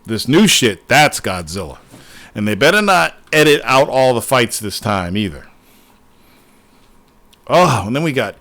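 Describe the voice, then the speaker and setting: A man hosting a casual livestream, talking excitedly and swearing often as he rambles to his viewers. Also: mid-range voice, unhurried, long pauses. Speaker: livestream host.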